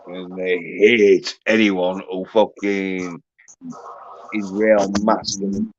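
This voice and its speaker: A man's voice: deep voice, flat delivery, slow, a little hiss or hum. A man hosting a livestream, ranting in a crude, swear-filled, rambling way. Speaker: livestream host. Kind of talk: casual livestream rant. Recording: dull lo-fi audio.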